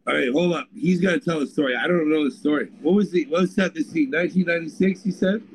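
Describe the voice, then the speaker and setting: A man from Canada with a fairly high voice, chatting casually as a podcast host. He tells stories in a rough, animated way and swears freely. His delivery is loose and conversational. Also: quick pace, a little hiss or hum, rough recording. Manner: profane, animated storyteller. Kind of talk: casual banter.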